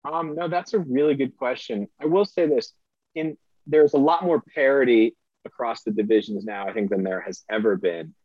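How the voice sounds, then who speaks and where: Middle-aged guy guest rambling excitedly, kinda muffled dry recording. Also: mid-range voice, moderate pace, breathy edge, no echo. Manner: excitable, rambling, self-deprecating. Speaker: podcast guest. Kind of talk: casual interview talk.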